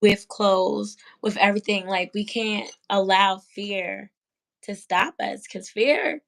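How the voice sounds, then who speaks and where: A woman with a mid-range, creaky voice speaks slowly as the host of a casual interview about fashion. She interviews in a thoughtful, encouraging manner.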